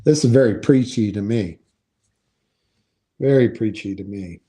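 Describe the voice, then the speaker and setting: Low, slow, dark-voiced man musing. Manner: musing, skeptical, thinks aloud with restarts. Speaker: commentator on investing. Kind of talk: casual commentary, reading aloud from a website.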